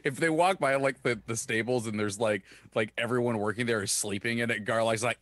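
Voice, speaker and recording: A man's voice: medium pitch, brisk, fairly bright tone, dry recording. A man playing a tabletop game who stammers and restarts as he describes his character. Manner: stammering, giggly. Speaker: player. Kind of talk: casual tabletop play.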